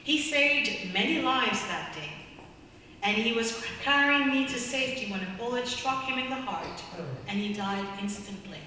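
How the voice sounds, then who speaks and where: A woman voicing a humble, grateful young male soldier in an earnest, gentle way. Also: on the high side, normal speed, noisy background, lightly acted. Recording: echoey hall from far off.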